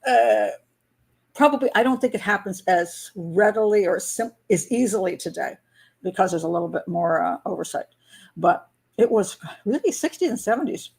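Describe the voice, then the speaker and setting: A woman's voice: medium pitch, animated, moderate pace, vocal fry, darkish tone, breathy edge. An older American woman hosting a live patron hangout, chatting casually, laughing often and rambling through restarts. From United States. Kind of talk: casual live-stream chat.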